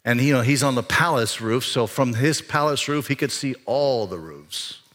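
At a moderate pace, a man gives a sermon from the church sanctuary in a chatty, conversational way. Emphasis brings him up higher and louder, while weighty moments bring him down to a hush.

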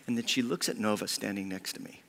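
A pastor delivers a personal sermon, speaking from the heart and often sinking to a near whisper. His voice sits on the lower side. A long reverb from the church hall hangs on every phrase. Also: fast, gravelly, fairly bright tone. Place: church sanctuary.

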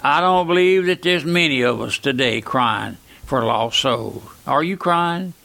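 A man's voice: fairly high pitch, unhurried, gravelly, pushed and bright. An older man preaching a fervent radio sermon, pleading with his listeners through repeated rhetorical questions.

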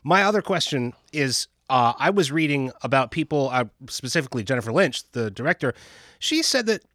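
A man's voice: medium pitch, big pitch swings, fairly quick, a bit bright, no echo, studio quality. A man hosting a podcast, chatting casually in long rambling turns that restart often. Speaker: podcast host. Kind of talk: casual chat.

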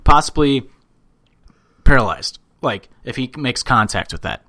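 A man's voice: medium pitch, very animated, measured pace, sharp tone. A man in casual sports chat, talking heatedly and swearing often. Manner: profane, heated.

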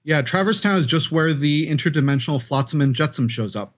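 A man's voice: on the high side, animated, brisk. A man co-hosting a casual gaming podcast, rambling and hedging as he recaps. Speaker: podcast co-host.

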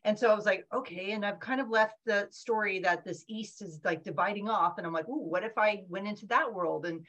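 Bright-voiced animated woman author. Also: medium pitch, fairly quick, highs cut off. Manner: animated, acts out her own inner voice in quotes; rambling, frequent fillers and restarts. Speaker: guest author. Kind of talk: casual podcast interview.

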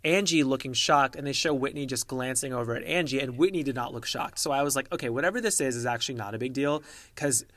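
A man co-hosting a podcast in casual gossip chat, measured and analytical, often mimicking people he quotes. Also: medium pitch, a bit bright, dry recording. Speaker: podcast co-host.

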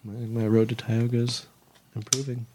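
A man's voice: mid-range voice, little pitch movement, normal speed, warm tone, husky. A man co-hosting a casual beer podcast, talking in a hesitant, rambling way. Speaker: podcast co-host. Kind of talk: casual chat.

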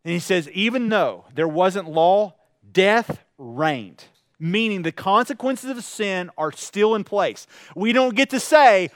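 High-voiced preaching man, dry sound. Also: expressive, slow pace, no echo. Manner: conversational preaching with rhetorical questions and acted-out anecdotes. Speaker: pastor. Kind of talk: sermon.

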